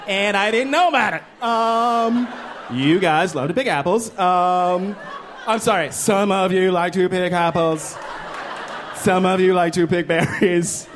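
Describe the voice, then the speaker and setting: A man in his thirties performing a stand-up comedy set on a club stage into a handheld mic, animated and jumping into character voices. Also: slight background noise. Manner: animated, jumps into high-pitched character voices.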